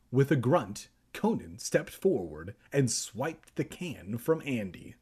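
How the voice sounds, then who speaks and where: A man's voice: mid-range voice, very animated, takes it slowly, few pauses, darkish tone, husky. A young adult man reading a children's book aloud on a podcast, breaking off for jokey, self-deprecating asides.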